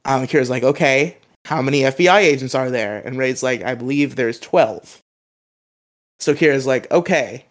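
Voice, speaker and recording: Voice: mid-range voice, moderate pace. A podcast co-host giving a casual, rambling recap of an episode, laughing often and acting out quoted lines.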